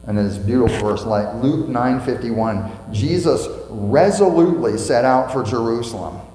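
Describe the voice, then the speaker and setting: A pastor preaches a sermon in a church sanctuary, emphatic, putting questions to the congregation and repeating key phrases. His voice is mid-range and mellow at a moderate pace, and the echoey church hall carries a faint mains hum.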